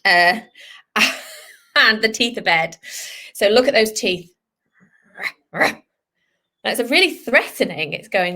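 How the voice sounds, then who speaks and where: A woman's voice: medium pitch, takes it slowly, long pauses. Woman vet doing a kids lesson online, upbeat, asks lots of questions, does little dog voices. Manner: lively, speaks to children, voices the dog's thoughts. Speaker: veterinarian teaching children.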